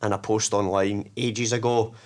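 Scottish male musician guest, fairly low voice, easygoing storyteller who rambles. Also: flat delivery, normal speed, darkish tone. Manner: rambling, with many fillers and restarts. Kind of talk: casual conversation.

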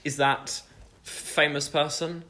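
A man's voice: fairly high pitch, flat delivery, a little slow, sharp tone. A man co-hosting a comedy podcast, hesitant and mock-earnest, filling his talk with ums as he plays along. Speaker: podcast co-host. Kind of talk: casual comedy banter.

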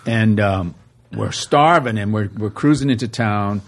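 A man's voice: fairly low pitch, a little slow. A man who is a guest comedian, telling a story in casual chat, swearing casually and acting out the voices of the people in it. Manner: animated, acts out quoted voices.

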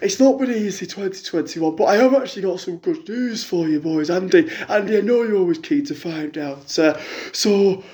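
A man's voice: sits high, normal speed, few pauses, darkish tone, voice pushed up, natural voice. A man voicing a brash, crude middle-aged woman calling in to a radio show, rambling and chatty. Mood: gossipy.

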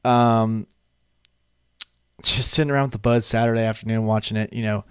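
Talking to his desk webcam in his room, a young man vlogs in a rambling way, swearing and tossing in laughing asides. He speaks at normal speed in a fairly low, clean-toned voice with fairly even intonation, and the sound is studio-clean with no room echo.

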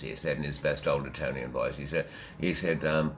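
Older man, very low voice, animated storyteller, faint background hiss. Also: moderate pace, hardly any pauses. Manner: animated, acts out quotes and laughs. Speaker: interview guest, radio DJ and music man. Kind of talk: anecdotal storytelling.

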